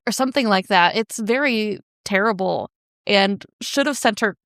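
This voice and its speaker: Wry, gravelly-voiced female podcast host. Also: mid-range voice, normal speed, a bit bright, no room sound, studio quality. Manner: wry, amused, laughs often. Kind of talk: casual chat.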